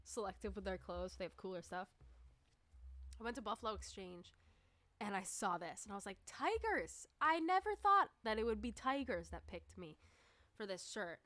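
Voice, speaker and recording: A woman's voice: mid-range voice, moderate pace, pauses often, a bit bright. A woman musician chatting to her stream viewers in a loose, rambling way, with lots of filler words and a mid-range voice. The sound is dry and close, with no room echo. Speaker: livestreamer and musician. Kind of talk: casual livestream chat.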